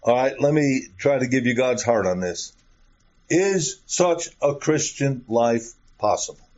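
Slow, emphatic male preacher on a dull recording. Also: mid-range voice, animated, darkish tone. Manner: emphatic, with rhetorical questions and repeated phrases. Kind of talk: sermon.

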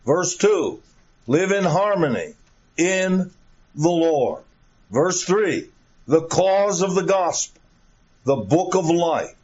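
A man preaching a sermon who reads scripture aloud and then explains it with deliberate, repeated emphasis. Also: high-pitched, lively intonation, darkish tone, husky, dull audio.

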